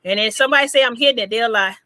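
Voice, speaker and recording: A woman's voice: a little high, very fast, bright, forceful tone, no room sound. Woman comedian, brassy, teasing, dry close sound. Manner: brassy, teasing, repeats herself for emphasis. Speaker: comedian hosting a live chat. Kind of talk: casual live-stream chat.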